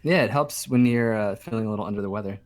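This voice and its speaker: A man's voice: lowish voice, fast talker. A young man co-hosting a casual podcast, upbeat and chatty, often repeating words as he starts a sentence. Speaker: podcast co-host. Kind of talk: casual chat.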